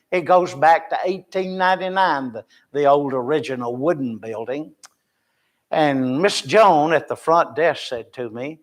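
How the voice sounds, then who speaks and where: An older man, a missionary, giving an informal and rambling report to a church Bible class with folksy, self-deprecating humor. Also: medium pitch.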